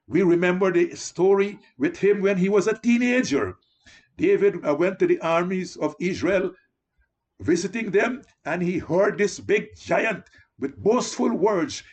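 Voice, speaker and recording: A man's voice: high voice, sing-song, a little slow, slightly rough. A man preaching an evangelistic sermon, pleading with listeners and often calling them "beloved.".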